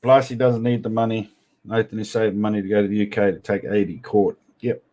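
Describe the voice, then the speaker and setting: A man with a fairly low voice hosts a casual livestream. He chats with his viewers, reads their comments aloud and answers them with blunt, teasing banter. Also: flat delivery, fairly quick, mellow. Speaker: livestream host.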